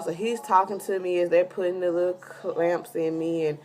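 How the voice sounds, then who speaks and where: A woman's voice: on the low side, fairly even intonation, normal speed, a little mellow, slight background noise. A heavily pregnant woman telling a rambling, casual story in a vlog, full of fillers. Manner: chatty, rambling with many fillers. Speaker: vlogger giving a pregnancy update.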